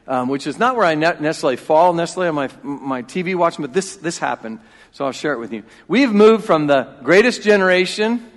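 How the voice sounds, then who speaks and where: Forties male pastor, bright-pitched, emphatic and repetitive, loud-to-hushed swings, reverberant sanctuary. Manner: emphatic, repeats key phrases, swings between loud and hushed. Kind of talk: sermon. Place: church sanctuary. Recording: long reverb of a church hall.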